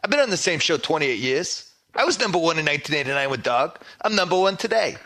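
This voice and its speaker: A man's voice: a little high, sing-song, fast, pitched above the performer's own voice, full character voice. A man doing a bombastic, boastful radio blowhard. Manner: bombastic, boastful, rising shouty delivery. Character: boastful, self-important male sports radio host.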